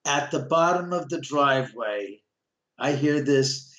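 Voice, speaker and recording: A man talking as a guest on a show, telling a lively story and acting out the dialogue. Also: medium pitch, unhurried. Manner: lively, acts out quoted dialogue, chuckles often. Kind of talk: animated anecdote telling. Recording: roomy echo.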